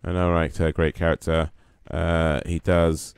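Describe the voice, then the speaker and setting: A man's voice: low voice, level tone, a little slow, clear, resonant tone, no echo. A man casually chatting while he streams a game, rambling with plenty of fillers. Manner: rambling, lots of fillers, joking. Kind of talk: casual live-stream chat.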